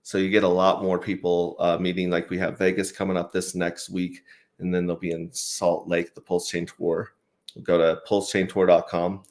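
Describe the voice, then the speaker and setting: Deep-voiced man hosting a chat stream. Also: normal speed. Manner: relaxed, reads chat aloud with fillers. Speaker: host. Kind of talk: casual livestream chat.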